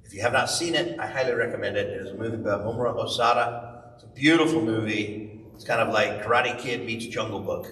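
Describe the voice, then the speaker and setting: Middle-aged guy with a lowish voice doing a con q&a, animated, big echoey hall, faint hiss. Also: fairly quick, recorded from a distance. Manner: animated storyteller, jumps high for quoted voices. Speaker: convention panel guest, voice actor. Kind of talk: live convention Q&A storytelling. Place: large convention hall.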